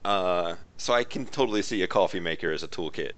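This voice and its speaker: A man narrating a tabletop game as game master, rambling and relaxed with many fillers. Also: low voice, brisk.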